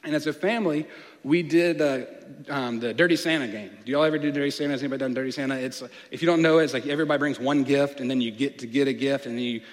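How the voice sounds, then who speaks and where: A man, preaching a sermon as a playful, animated storyteller. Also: mid-range voice. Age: late 20s. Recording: long reverb of a large hall.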